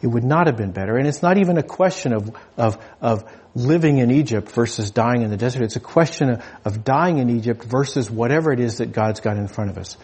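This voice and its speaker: A husky male preacher delivers a sermon in a loose, conversational way. He jokes with his listeners, often restarts his sentences and speaks at an everyday pitch. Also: lively intonation, fairly quick, few pauses, a little mellow. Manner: conversational, humorous, with frequent restarts.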